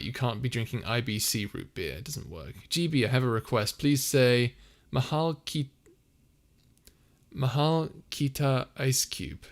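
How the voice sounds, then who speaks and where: A young man casually chatting on a live stream, reading viewer comments aloud and laughing often. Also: mid-range voice. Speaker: streamer and audio creator.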